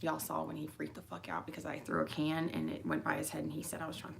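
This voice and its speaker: A woman's voice: low-pitched, sing-song, quick pace, vocal fry, few pauses, a little hiss or hum. A tired young woman talking straight to her daughter in a rambling monologue, full of fillers and restarts. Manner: meandering, with fillers and mid-sentence restarts. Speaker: mother speaking to her daughter.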